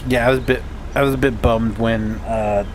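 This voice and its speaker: A man's voice: mid-range voice, steady tone, a little fast, slight background noise. A man streaming a game and chatting casually with a friend in a joking, playful way. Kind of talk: casual chat while gaming.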